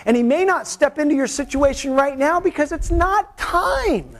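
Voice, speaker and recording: A man pastor preaching a sermon in church with an animated, storytelling delivery. He keeps it conversational and jumps into the voices of the people and of God he describes. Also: very high-pitched, moderate pace, hardly any pauses.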